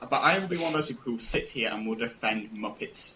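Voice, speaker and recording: A man's voice: mid-range voice, animated, quick pace, sharp tone, slight background noise, poor audio. A man co-hosting a casual podcast, giving strong opinions and stumbling over repeated words when worked up. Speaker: podcast co-host. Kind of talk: casual chat.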